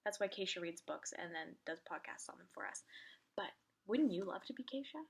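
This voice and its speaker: A woman's voice: fairly low pitch, lively intonation, fairly quick, vocal fry, slightly rough. A woman giving a chatty, direct pep talk as a business coach. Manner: chatty, direct, encouraging, lots of "like". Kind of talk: casual motivational talk to camera.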